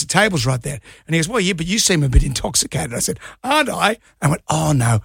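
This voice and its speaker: A man's voice: on the high side, very animated, fast talker, vocal fry, few pauses, fairly bright tone, breathy edge, no room sound, clean studio sound. A middle-aged Australian man co-hosting a radio show, telling rambling anecdotes and laughing easily. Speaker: radio co-host. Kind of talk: casual on-air banter. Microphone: studio mic.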